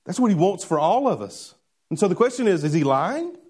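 A man preaching a sermon to a church congregation, animated and questioning, drawing responses from the crowd. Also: high-pitched, fairly quick, slightly rough. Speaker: pastor. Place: church before a live congregation.

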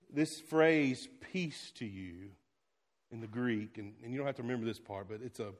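A male pastor preaching a sermon, swinging between loud exclamations and hushed, quiet lines. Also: mid-range voice.

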